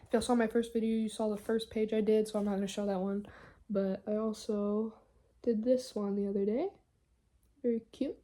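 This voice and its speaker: A woman's voice: medium pitch, flat delivery, normal speed, mellow, a little hiss or hum. A young woman chatting at home in a casual vlog, anxious and rambling. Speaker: vlogger.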